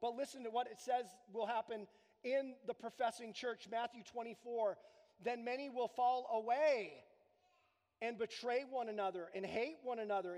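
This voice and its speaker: A man preaching a sermon as pastor in a church, earnest and emphatic, speeding up and slowing down. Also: very high voice, a little mellow. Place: church sanctuary. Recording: long hall reverb.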